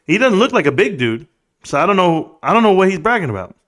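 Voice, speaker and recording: A man's voice: high voice, big pitch swings, quick pace, a bit bright. A young man hosting a casual livestream, joking crudely, laughing often and calling people bro. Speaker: livestream host.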